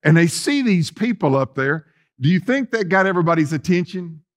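A male pastor, preaching a sermon in a folksy way, talking straight to the congregation and swinging between loud emphasis and soft asides. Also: high-pitched, lively intonation, a little fast.

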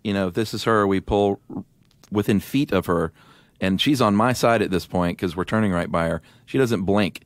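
A middle-aged man co-hosting a podcast, telling a story in a casual, animated way on a studio microphone. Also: on the low side, normal speed, dry recording. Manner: animated storyteller with restarts and laughs. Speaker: podcast co-host.

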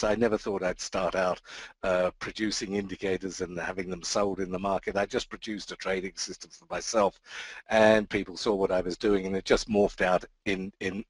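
A man's voice: deep voice, no room sound, poor audio. A middle-aged man from the Isle of Wight with a Southern English accent, presenting a trading webinar in a chatty, self-deprecating storytelling way over a computer mic. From Isle of Wight, England.

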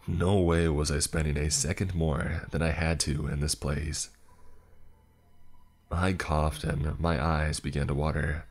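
A man narrating a horror story in the first person, with a dry, sarcastic storytelling manner. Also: a bass voice.

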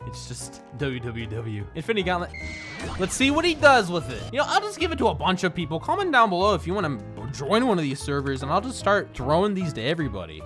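A gaming YouTuber giving excitable, laugh-filled commentary over gameplay, with sudden shouts. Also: medium pitch.

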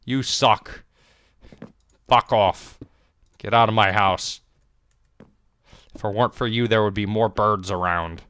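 A man's voice: fairly low pitch, steady tone, slow pace, long pauses, a bit bright, clean tone, no echo, clean studio sound. A man voicing a grumpy, distrustful old male house cat who grumbles disdainfully.

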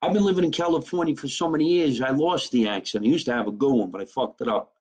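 Husky man from New Jersey, brash profane comic chatting live from his kitchen. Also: mid-range voice, fast talker, darkish tone, low-quality recording. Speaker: comedian hosting a live stream. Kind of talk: casual live-stream chat. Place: home kitchen.

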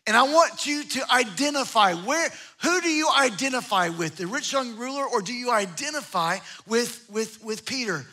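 Man, pastor, sermon, emphatic, repeats himself, very high pitch. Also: expressive, normal speed, few pauses, sharp tone. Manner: emphatic, with repeated phrases and restarts.

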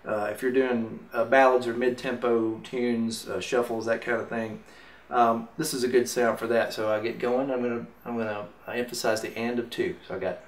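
A man's voice: medium pitch, level tone, moderate pace. A man teaching mandolin rhythm, talking in an easy way while he demonstrates and counts beats aloud. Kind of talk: instructional demonstration. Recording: roomy, off-mic with mandolin playing. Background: mandolin music.

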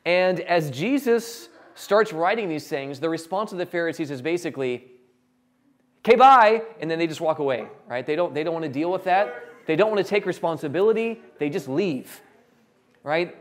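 A man preaching a sermon, animated and jokey, acting out characters in quick quotes. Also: fairly high pitch. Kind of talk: sermon with acted Bible quotes.

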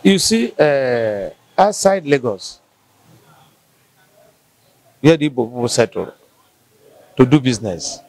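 Nigerian man, interviewee, halting delivery, dry recording. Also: medium pitch, sing-song, a little mellow, no room sound. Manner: halting, restarts often, slow to find words. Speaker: interviewee from the local community. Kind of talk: casual interview answers.

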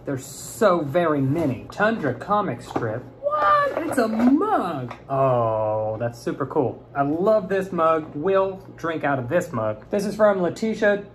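A young man chatting playfully while opening fan mail, swinging from mumbles to high squeals. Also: expressive, unhurried, hardly any pauses, background noise. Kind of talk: casual unboxing chat.

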